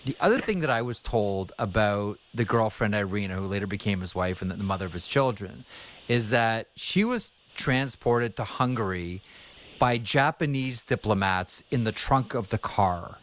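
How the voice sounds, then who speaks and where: Halting male podcast host, low voice. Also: fairly bright tone. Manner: halting, stacked restarts when asking questions. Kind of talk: conversational interview.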